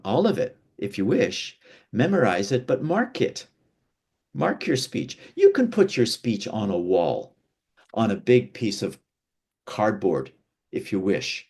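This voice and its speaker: A man from North America gives a lesson on presentation skills. His pitch swings widely as he demonstrates emphasis and keeps restarting phrases in an animated, teacherly way. He is seated indoors while he talks. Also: husky. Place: seated indoors, away from a window.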